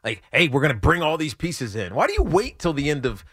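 A man with a fairly high voice that moves around a lot as he talks sports. He makes his case in an easygoing, amused, matter-of-fact way. The recording is dry and close. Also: huge pitch swings, brisk, a bit bright, breathy edge, no echo. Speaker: sports radio co-host. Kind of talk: casual sports talk.

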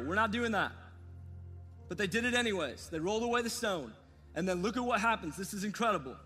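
A pastor delivers an earnest, repetitive sermon directly to his audience, his voice high, bright and ringing. The recording carries a long hall reverb, with soft music faintly underneath.

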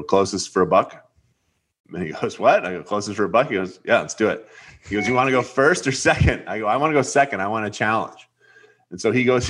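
A young man with a bright, forceful voice and a lowish pitch, telling a story in loose, casual chat. He acts out every quote, jumping far up in pitch and sometimes shouting. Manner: animated, acts out quotes with big jumps up in pitch. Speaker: podcast host.

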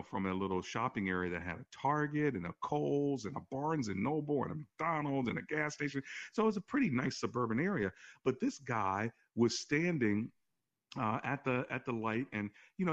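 A man who is a pastor, hosting a call-in faith talk show and telling stories in an animated way, his voice often jumping higher. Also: dull audio. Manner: animated storytelling with sudden rises in pitch. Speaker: pastor and radio show host.

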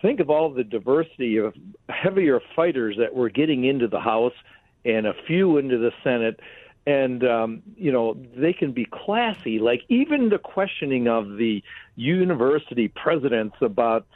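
A man's voice: mid-range voice, lively intonation, normal speed, dry recording. Man, talk radio co-host, rambling, dry tinny phone-line sound. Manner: rambling, restarts sentences, frequent "you know". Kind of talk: casual political talk radio chat.

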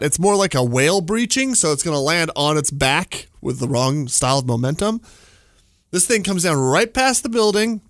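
40ish guy rambling through a story, lots of likes and laughs, kinda high voice, dry studio mic. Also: a bit bright, dry recording. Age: 40s. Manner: rambling, full of "like" and chuckles. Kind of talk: casual storytelling monologue.

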